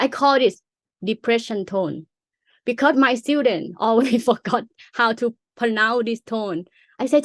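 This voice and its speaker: A woman's voice: mid-range voice, normal speed, no echo, studio quality. A young woman with a Thai accent, a native Thai speaker, patiently explaining her language as a teacher and sounding out examples. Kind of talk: casual explanatory chat.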